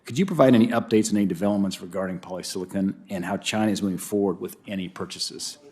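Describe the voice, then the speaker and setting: A man, a senator, putting brisk questions to a nominee at a hearing, pressed for time. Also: low voice, mellow.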